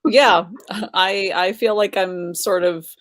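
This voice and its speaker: A woman's voice: medium pitch, fairly even intonation, takes it slowly, fairly bright tone, no echo. A woman guest in casual conversation, easygoing and hesitant, with many fillers and laughs.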